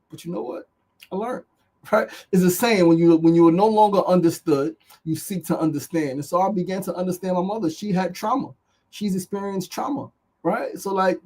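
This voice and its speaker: A man's voice: fairly high pitch, mellow, low-quality recording. A man hosting a motivational show, talking with passion and frequent swearing, asking "right?" again and again. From New York. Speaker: podcast host. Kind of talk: motivational livestream talk.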